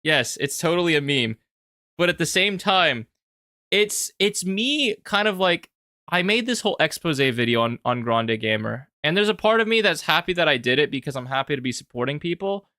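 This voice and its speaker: A young man talking casually about his own video as a commentator, animated and rambling, with frequent restarts. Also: fairly high pitch, moderate pace, no room sound, clean studio sound. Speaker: YouTube commentator.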